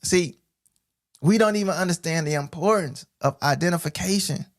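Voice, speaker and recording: A man teaching scripture on a stream, reading verses slowly and then explaining them in casual street slang, often asking 'right?'. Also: on the high side, no room sound, studio quality. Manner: casual, repeats 'right?' and 'bro'. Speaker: Bible teacher.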